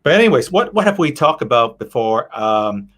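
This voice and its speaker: A Canadian man hosting a casual video call chat, speaking hesitantly with frequent pauses. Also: mid-range voice, very animated, a bit bright. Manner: hesitant, many ums and restarts. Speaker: host.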